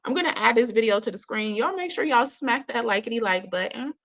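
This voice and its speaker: A woman's voice: fairly high pitch, animated, brisk, fairly bright tone. Chatty woman, reaction host, lo-fi sound. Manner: chatty, slangy, laughs often, addresses viewers as y'all. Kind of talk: casual reaction commentary. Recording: dull lo-fi audio.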